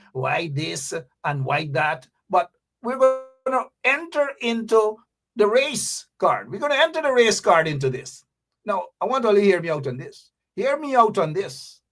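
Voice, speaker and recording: Guy ranting on his show, voice jumps all over, keeps repeating himself, mutters low asides. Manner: emphatic, repeats phrases, mock-sings, drops into low mutters. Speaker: talk show host. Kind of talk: opinionated live commentary.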